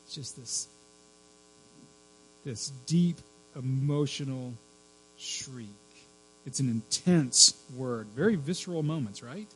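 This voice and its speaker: A man preaching a sermon as pastor, dropping to a hush and then rising to loud cries for emphasis. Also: medium pitch, takes it slowly, pauses often, poor audio. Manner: swings from hushed to shrieking for emphasis.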